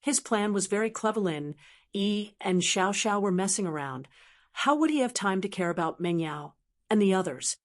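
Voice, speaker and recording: Steady woman narrating an audiobook. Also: medium pitch, moderate pace.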